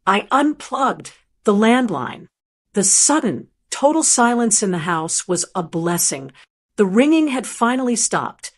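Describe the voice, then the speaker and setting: Gentle woman narrating a first-person story. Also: medium pitch, sing-song, a little slow.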